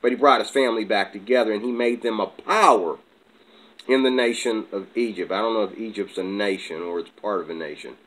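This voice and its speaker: A man's voice: lowish voice, a little fast, a bit bright, rough recording. A man ranting on his own video channel, agitated and combative, jumping from point to point. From America. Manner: agitated, combative, jumps between topics. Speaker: channel host. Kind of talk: heated vlog rant.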